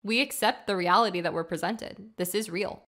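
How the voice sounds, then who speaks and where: A woman's voice: mid-range voice, normal speed. A woman co-hosting a podcast, retelling a film scene by scene in casual chat, acting out the characters' lines with lots of filler words. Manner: animated retelling, acting out quotes, frequent fillers. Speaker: podcast co-host.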